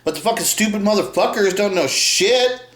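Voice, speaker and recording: A man's voice: high voice, animated, normal speed, fairly bright tone. A man co-hosting a podcast, ranting in a heated, contemptuous way and swearing constantly. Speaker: podcast co-host. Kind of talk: angry profane rant. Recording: echoey room.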